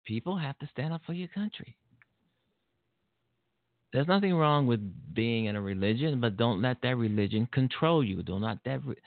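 A man's voice: medium pitch, no room sound. A man hosting an internet radio show, giving an indignant, rambling monologue over a phone line. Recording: tinny dry phone-line audio.

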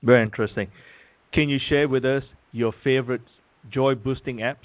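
A man's voice: medium pitch, steady tone, brisk, dry recording. Male host on a phone line. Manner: brief affirming interjections. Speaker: interview host. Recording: dry, tinny phone-line sound.

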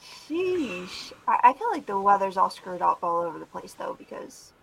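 A woman with a Philadelphia accent co-hosting a casual talk show, chatty and quick to laugh. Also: mid-range voice, sing-song, creaky, noisy background. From Philadelphia area, USA. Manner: chatty, giggly, laughs often. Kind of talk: casual podcast chat.

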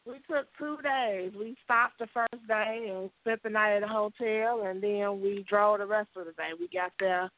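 A woman's voice: medium pitch, fairly even intonation, moderate pace, few pauses. A woman co-hosting a radio chat, talking in an easygoing way and laughing often. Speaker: radio co-host. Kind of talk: casual radio banter. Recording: phone-like lo-fi audio.

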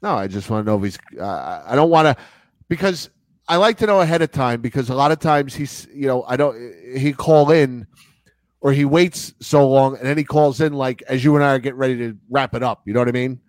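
A man co-hosting a casual sports radio show with sarcastic, animated banter. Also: medium pitch, brisk, dry recording. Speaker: co-host.

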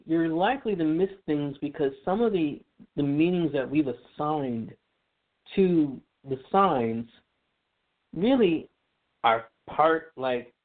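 A man explaining astrology in casual radio talk, chatty, with many fillers and restarts. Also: on the high side. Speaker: astrology guest. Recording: tinny phone line.

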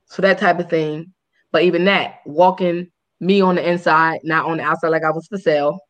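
A woman co-hosting a podcast, telling a dating story in casual chat, candid and animated with frank profanity. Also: low voice, moderate pace. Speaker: podcast co-host.

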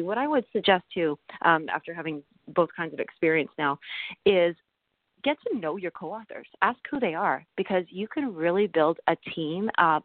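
A middle-aged woman chatting as an interview guest, animated and quick to laugh, with many fillers. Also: fairly low pitch, no room sound. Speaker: interview guest, author and nutritionist. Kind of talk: casual interview conversation. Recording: tinny phone-like line.

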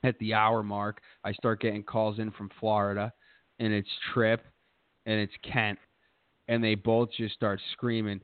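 A man's voice: on the low side, flat delivery, a little slow, clear, resonant tone, no echo. A man hosting a podcast, telling a rambling, profane story in a boastful casual way. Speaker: podcast host. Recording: tinny phone-like dry sound.

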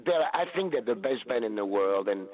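A man from France with a French accent, a bit hoarse from a blown-out voice, chatting in a relaxed, rambling way as a guest author. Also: fairly low pitch, a little fast. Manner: relaxed, rambling, laughs often. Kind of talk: casual interview chat. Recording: tinny phone line.

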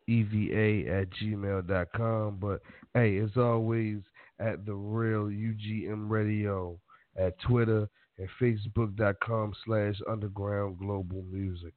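A man's voice: fairly low pitch, little pitch movement, slow, no echo. A man from Baltimore co-hosts a casual radio show over a phone line that sounds tinny and dry. He talks in a streetwise, profane way and raps in a boastful style. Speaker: co-host. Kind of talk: casual radio chat and freestyle rap.

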